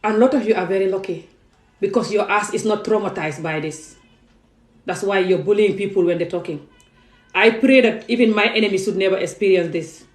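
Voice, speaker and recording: A young woman speaks straight into her camera, emphatic and pleading, firing off rhetorical questions. Her voice sits at a middling pitch. The room around her is echoey. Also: fairly quick. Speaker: vlogger. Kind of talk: impassioned direct-to-camera monologue. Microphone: phone or camera facing her.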